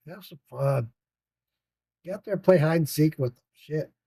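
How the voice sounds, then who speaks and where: A man's voice: on the high side, normal speed, gravelly, warm tone, breathy edge, dry recording. An older man telling a rambling, profane story about his grandchildren, laughing often. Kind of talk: casual storytelling.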